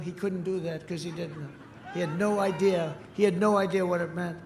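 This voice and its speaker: Older man, 70s, high-pitched rally speaker, boastful and repetitive, booming echo over faint crowd noise. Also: fairly even intonation, brisk. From United States. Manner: boastful, repetitive, swings between shouting and quiet asides. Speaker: political candidate. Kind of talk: campaign rally speech.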